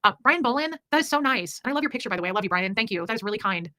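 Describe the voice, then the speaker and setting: A woman's voice: mid-range voice, expressive, rapid-fire, bright, forceful tone, no room sound. A woman hosting a livestream, reading super chats in a rambling, emphatic way and swearing freely. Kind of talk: casual livestream chat.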